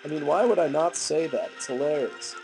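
A man's voice: fairly high pitch, brisk, darkish tone, faint music behind, poor audio. Goofy young man with a gunky throat. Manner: goofy, silly outbursts and running jokes. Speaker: let's play commentator. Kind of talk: gaming commentary.

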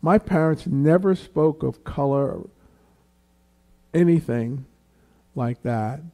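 Man, church testimony, very mellow dark tone, slow deliberate delivery, storyteller. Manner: slow, unhurried storytelling that raises the pitch for quoted voices. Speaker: guest speaker at a church Q&A.

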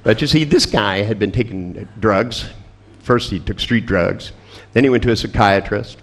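A man's voice: fairly low pitch, normal speed, fairly bright tone, slight background noise. A man giving a seminar talk, telling blunt, profane stories about therapy clients with wry humor. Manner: wry, laughs at his own stories. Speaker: seminar presenter on therapy and coaching. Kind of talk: storytelling seminar talk to a live audience.

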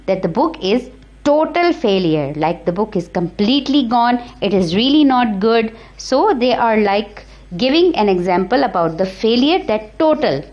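A woman teacher giving a grammar lecture, explaining each example slowly and repeating it. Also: on the high side, darkish tone. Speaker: English teacher. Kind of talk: recorded classroom grammar lecture. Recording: slightly dull lo-fi recording.

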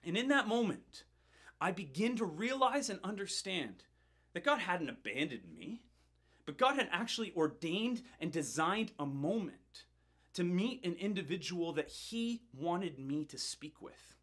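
A middle-aged man preaching, his voice sitting a little higher than most men's. He tells a personal story in an animated way, building tension and often doubling his words as he goes. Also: measured pace. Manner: animated, building tension, frequent word repeats. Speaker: pastor. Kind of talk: sermon storytelling.

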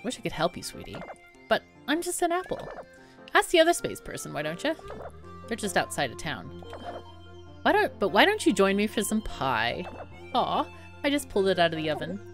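A woman's voice: medium pitch, wildly swooping pitch, normal speed, pauses often, soft background music. A woman voicing a chatty, motherly female fruit villager in a cartoonish video game, reading the lines plainly and folksy. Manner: friendly, folksy, read aloud plainly.

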